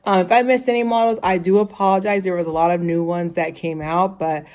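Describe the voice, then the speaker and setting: Woman, 30s, lower-pitched voice, casual rambling reviewer. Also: steady tone, brisk, darkish tone. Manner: rambling, full of "like", laughs often. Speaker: fashion show reviewer.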